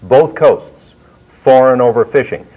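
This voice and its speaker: A man's voice: medium pitch, a little slow, lo-fi sound. A man, a member of Parliament speaking as a guest on a panel and making emphatic points with many restarts. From Newfoundland. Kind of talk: studio panel discussion.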